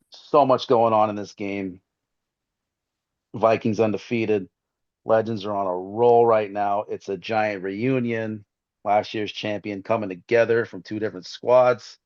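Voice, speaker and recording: A man's voice: fairly low pitch, darkish tone, no room sound, dull audio. Upbeat man hosting a football show. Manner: upbeat, joking, laughs often. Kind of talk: casual sports chat and game predictions.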